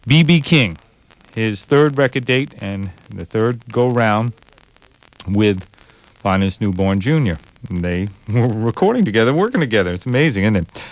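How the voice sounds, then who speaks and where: A man hosting a radio program, giving measured, thoughtful commentary on old recordings with frequent pauses and hesitations. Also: on the low side, no echo. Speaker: radio host. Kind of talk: radio jazz history commentary.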